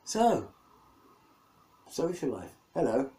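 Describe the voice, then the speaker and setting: A man's voice: mid-range voice, sing-song, takes it slowly, dark tone, poor audio. A middle-aged man from England, rambling and self-mocking in a casual video diary, laughing often. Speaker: vlogger.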